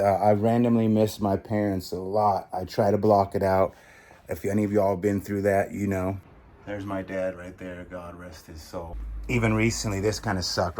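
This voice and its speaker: Low-voiced eager middle-aged man vlogging. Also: slight background noise. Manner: eager and chatty, drops to a hushed whisper when amazed. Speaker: storage auction reseller and channel host. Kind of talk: casual unboxing vlog talking to viewers.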